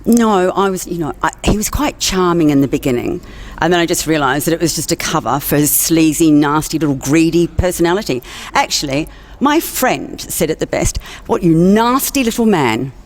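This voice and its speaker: A man being interviewed about his stage role, wry and quick to laugh. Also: a little high, animated. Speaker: interviewee, amateur actor. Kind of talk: casual chat.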